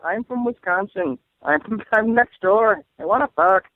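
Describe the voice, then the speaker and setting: A brazen stranger from a hookup ad, as a comedian puts him on, with a hammy Irish-sounding accent. The voice is pushed well above the man's own pitch and stretched out slowly. It comes through a tinny, dry, phone-like line. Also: no echo, lightly acted. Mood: eager. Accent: put-on Irish-sounding. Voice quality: high, loud and drawn-out.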